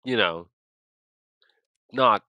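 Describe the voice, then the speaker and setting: A young man streaming a game, chatting casually and talking to his chat in an exasperated, lively way. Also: on the low side, very slow, dry recording. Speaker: gaming streamer.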